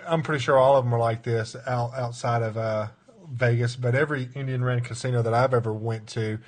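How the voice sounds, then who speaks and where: Regular guy cohost on a gaming podcast, mid pitch, laid back, dry jokes. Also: fairly even intonation, a little fast. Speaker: podcast co-host. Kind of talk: casual gaming podcast banter.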